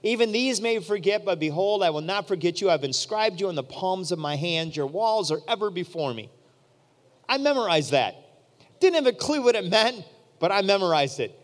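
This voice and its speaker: Male preacher, high pitch, lively storyteller who voices his characters, long reverb of a big hall. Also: a little fast. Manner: animated, acts out quoted voices. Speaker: pastor. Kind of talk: storytelling sermon.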